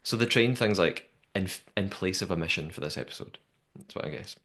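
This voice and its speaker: Young male podcast host, lowish voice, chatty lively recapper. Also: fairly quick. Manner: chatty, lively storytelling with many fillers. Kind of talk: casual recap chat.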